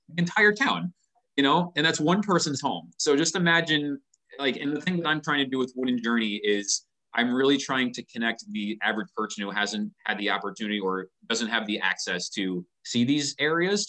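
A man's voice: medium pitch, animated, normal speed, sharp tone. A man being interviewed as a company founder, speaking earnestly and passionately in a casual conversation, often repeating a word as he starts a sentence.

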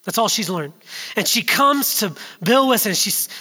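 A man in his thirties delivers a sermon in a bright, ringing, high-pitched voice. He tells stories, sinking to quiet asides before rising to loud, urgent peaks. His voice carries the long reverb of a large church hall. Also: expressive, moderate pace, slightly rough. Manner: storytelling, builds from hushed to loud and urgent. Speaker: preacher.

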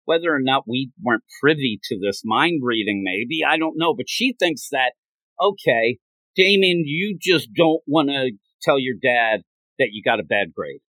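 Lively man acting out scenes. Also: medium pitch, no room sound, low-quality recording. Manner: animated retelling with quick acted quotes and laughs. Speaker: podcast host. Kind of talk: casual manga discussion.

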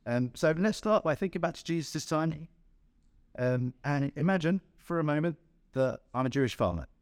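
A male preacher tells a light first-person story to make his point, chuckling along the way. His pitch rises and falls a lot as he performs it. The recording is dry and close, with no room echo. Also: moderate pace. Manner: animated storyteller, chuckles at own jokes. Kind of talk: sermon with storytelling.

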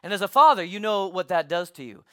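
A man preaching with a voice pitched well above the usual male range. He tells his story in an animated, emphatic way, building toward his sermon point. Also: quick pace, clear, resonant tone. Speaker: pastor.

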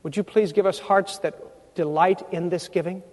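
A man preaching a sermon as pastor, emphatic, rising to loud climaxes, in a church sanctuary. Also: sits high, fairly even intonation, moderate pace. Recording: long reverb of a large church hall.

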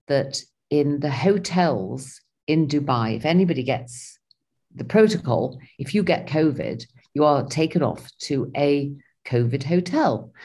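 A woman's voice: extremely low pitch, slightly rough. A woman, animatedly telling a personal travel story in casual conversation. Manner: animated, acts out her own and others' lines.

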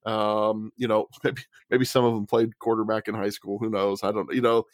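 A man's voice: fairly low pitch, little pitch movement, normal speed, no echo, clean studio sound. A man co-hosting a casual sports podcast, speaking tentatively and trailing off and restarting his sentences. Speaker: podcast co-host.

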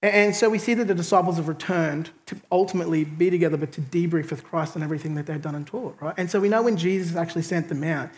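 A man preaching a sermon, telling a personal story in an animated, chatty way with bursts of laughter. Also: fairly high pitch, fast, hardly any pauses. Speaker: pastor.

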